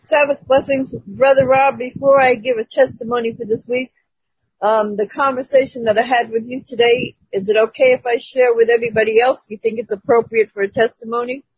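Woman, churchgoer giving a testimony, breathy and raspy, storytelling with little laughs, lo-fi dry line. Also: fairly high pitch, steady tone, fairly quick, no room sound. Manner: chatty storytelling, laughs between phrases. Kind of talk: casual spoken testimony.

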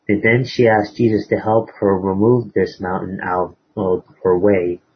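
A man preaching, retelling a moral story in a halting way with many fillers and restarts. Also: low voice, flat delivery, breathy edge. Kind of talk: sermon storytelling. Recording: dull lo-fi recording.

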